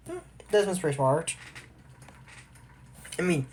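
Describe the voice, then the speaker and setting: A man's voice: on the high side, animated, slow pace, pauses often, darkish tone, a little hiss or hum. A man casually retelling a cartoon episode, rambling with asides and opinions. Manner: chatty, opinionated. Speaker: show recap commentator.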